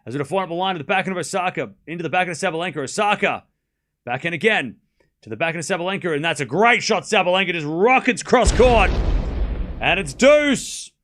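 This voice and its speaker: A man's voice: sits high, expressive, fast talker, a bit bright. A young man hosting a live tennis watchalong stream, mixing play-by-play with chatty joking asides. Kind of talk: live streamed match commentary.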